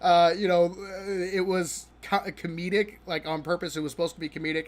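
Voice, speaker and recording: A man's voice: sits high, flat delivery. A man hosting a live stream, talking through a show he disliked while he plays a game. He is exasperated and mocking, laughs often, and stumbles and restarts his sentences a lot. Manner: halting with many restarts. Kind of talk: live-stream reaction commentary while gaming.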